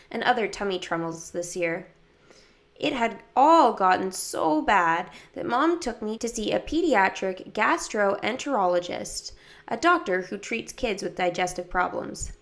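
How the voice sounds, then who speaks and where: A woman narrating a children's book in the first person, lively, jumping up to higher pitch for other characters' lines. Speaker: audiobook reader.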